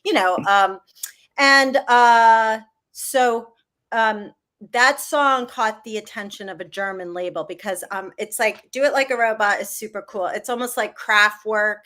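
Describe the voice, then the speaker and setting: A middle-aged woman with a bright, slightly high voice, rambling warmly through stories in a casual interview. She keeps filling her sentences with "like" and animated asides. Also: unhurried. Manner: rambling, heavy use of "like", animated. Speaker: guest musician.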